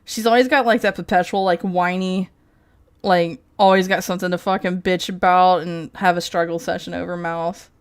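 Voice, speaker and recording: A woman's voice: on the low side, steady tone, normal speed, clear, resonant tone. A woman streamer in casual live-stream commentary, rambling and profane, laughing often as she talks.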